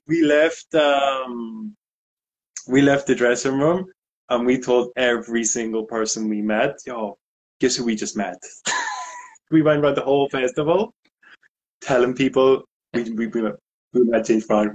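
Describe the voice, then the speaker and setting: A man's voice: mid-range voice, slow pace, long pauses, breathy edge. A man in a casual interview, telling a story with lots of fillers and acted-out quotes. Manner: animated anecdote, acts out quotes. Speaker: guest DJ.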